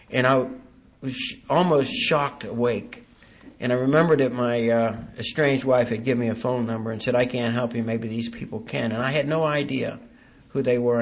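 A man giving a halting, earnest personal testimony at a recovery meeting, with dry self-deprecating humor. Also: mid-range voice, vocal fry.

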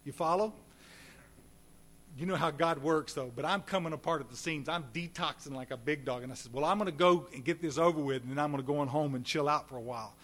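A man telling his recovery story at a meeting, folksy and animated, talking straight to the audience. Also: fairly high pitch, fast. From Texas. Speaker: recovery speaker.

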